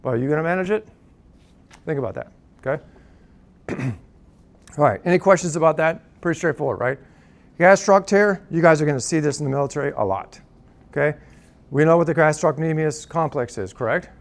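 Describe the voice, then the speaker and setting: A man lectures to a class in a loose, conversational way, checking in constantly with "right?" and "okay?". His voice sits a bit high, and he drops dry jokes as asides. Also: a little fast, long pauses.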